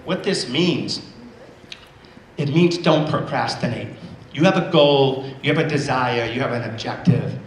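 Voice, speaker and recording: A man in his sixties gives a motivational speech as guest speaker at a school assembly, telling stories and repeating key phrases for emphasis. His voice is medium-pitched at a measured pace, with slight background noise. The hall sounds roomy with faint ambience.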